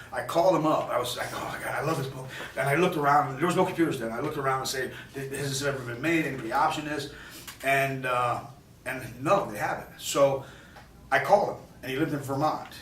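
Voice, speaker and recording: A man, a film director from New York, telling a rambling, animated story in an interview at a film festival, with many restarts. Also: mid-range voice, a little hiss or hum. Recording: echoey, distant mic with faint ambience.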